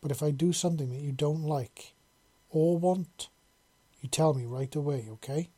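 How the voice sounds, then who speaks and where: A man voicing a soft-spoken lizard woman. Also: on the high side, moderate pace, breathy edge. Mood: soft, tender. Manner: soft, coaxing, quietly commanding. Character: gentle lizard-like female lover, tender.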